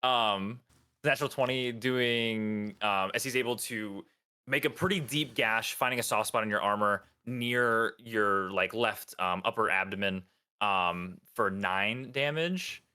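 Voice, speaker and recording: A man narrating a tabletop game as dungeon master, halting and full of ums and restarts. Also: lowish voice, sharp tone, smooth.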